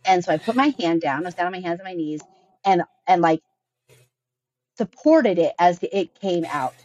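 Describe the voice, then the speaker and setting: A woman's voice: on the low side, animated, moderate pace, a little mellow, poor audio. A woman in her thirties, a podcast guest, telling a personal story in a chatty, earnest way with frequent filler words.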